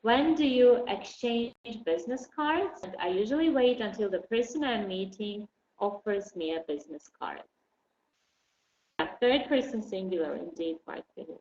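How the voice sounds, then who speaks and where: A woman's voice: on the high side, lively intonation, normal speed, darkish tone. Patient, encouraging female English teacher; dull, echoey recording. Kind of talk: online class lesson. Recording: dull roomy recording with faint noise.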